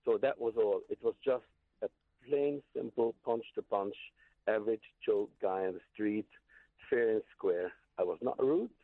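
A man's voice: lowish voice, a little slow, no room sound. A man calling in to a radio show who explains himself earnestly and defensively. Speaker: radio caller. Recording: tinny phone line.

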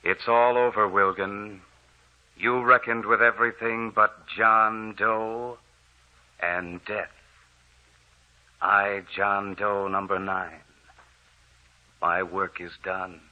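An actor playing a vengeful dead man returned from the morgue, speaking slowly and in hushed, menacing tones in an old radio drama. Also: on the low side, fairly even intonation, highs cut off. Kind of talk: 1940s radio drama acting.

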